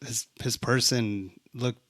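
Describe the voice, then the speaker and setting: A man's voice: mid-range voice, steady tone, slow, fairly bright tone, no echo, studio quality. A young man co-hosting a casual podcast chat, laid-back and swearing freely. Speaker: podcast co-host.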